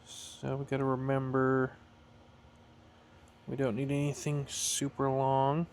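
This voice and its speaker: Slow-talking man at a workbench. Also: medium pitch, completely flat delivery, darkish tone, a little hiss or hum. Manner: chatty, self-correcting, thinks aloud while working. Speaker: hobbyist building a flight-sim throttle. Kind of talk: casual workshop tutorial.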